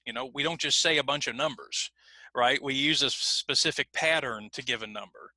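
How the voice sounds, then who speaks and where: Bright, dry-sounding man teaching English. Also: medium pitch, a little fast, no room sound. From United States. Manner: clear, patient explaining with modeled example phrases. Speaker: ESL teacher. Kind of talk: online English pronunciation lesson.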